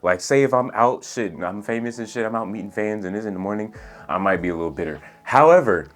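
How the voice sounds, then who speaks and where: Laid-back young man with a soft, low voice. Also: lively intonation, fast talker. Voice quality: soft, soothing voice. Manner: laid-back, profane slang, says "bro" and "like" a lot. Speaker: storytelling vlogger. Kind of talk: casual storytelling. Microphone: USB studio microphone.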